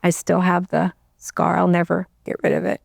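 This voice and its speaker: Woman, middle-aged, interview guest, low voice, halting emotional storytelling, close to tears. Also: little pitch movement, vocal fry, no room sound. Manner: emotional, halting, with many restarts. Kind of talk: personal storytelling.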